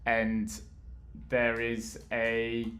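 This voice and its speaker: A man's voice: mid-range voice, completely flat delivery, drawn-out words, fairly bright tone. A British man from the UK chatting casually with viewers on a live stream, rambling and laughing easily while he assembles furniture and moves around. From United Kingdom.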